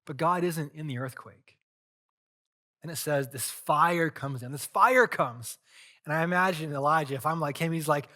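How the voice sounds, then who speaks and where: A man preaching a sermon as pastor, telling a story earnestly with dramatic swings in loudness. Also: a little high, moderate pace.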